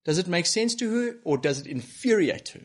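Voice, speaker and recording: A man's voice: high-pitched, animated, fairly quick, husky. A man preaching a sermon to a broadcast congregation, earnest and emphatic, pressing his listeners with rhetorical questions. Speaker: pastor. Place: church broadcast to home viewers.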